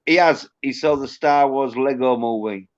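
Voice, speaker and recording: A man's voice: medium pitch, moderate pace. British male guest, teasing and sweary, muffled lo-fi call sound. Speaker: livestream guest. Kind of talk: casual chat.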